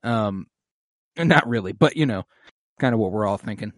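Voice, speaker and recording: A man co-hosting a podcast, casually recapping an episode with lots of swearing and animated retelling. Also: on the low side, normal speed, dry recording, clean studio sound.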